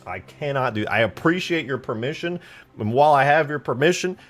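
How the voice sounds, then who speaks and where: A young man hosting a casual livestream, hyper and jokey, often bursting into loud shouts. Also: mid-range voice, expressive, a little fast, soft background music. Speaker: livestream host and game modder.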